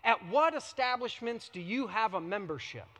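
A man preaching a sermon as a pastor, emphatic, with dramatic pauses and repetition. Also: high-pitched, lively intonation, fairly bright tone, long reverb tail. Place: church sanctuary.

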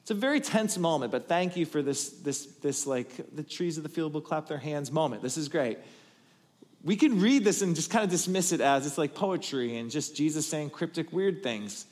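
A man preaching, his voice sitting a little high for a man and swinging widely in pitch. He tells the story with animated build-ups, getting loud and emphatic before dropping to quiet asides. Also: moderate pace, in a large hall. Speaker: pastor. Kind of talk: sermon.

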